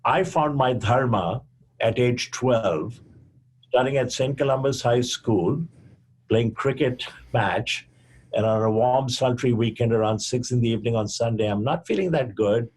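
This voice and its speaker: An older man from India tells his story slowly and carefully, giving each quoted speaker a voice of their own. His voice is breathy and husky at a middle pitch. He speaks as a physician guest on a podcast. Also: a little mellow. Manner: measured storyteller who acts out quoted dialogue.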